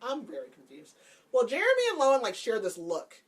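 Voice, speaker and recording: A woman's voice: fairly high pitch, huge pitch swings, fairly quick. A woman podcast host casually recapping a book's plot, chatty and laughing, with lots of "like". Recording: voice a bit far from the mic.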